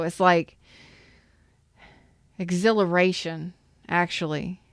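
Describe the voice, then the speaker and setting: A woman's voice: on the low side, steady tone, measured pace, long pauses, clean tone, no echo, clean studio sound. A woman giving a live tarot reading in a chatty, emphatic way and greeting viewers in the chat. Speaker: tarot reader.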